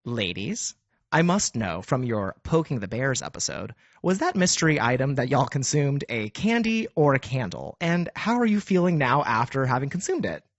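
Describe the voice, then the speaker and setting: A man's voice: mid-range voice, big pitch swings, moderate pace, no echo, highs cut off. A man reading listener letters aloud, playfully putting on the writers' inflections. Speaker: producer reading listener mail.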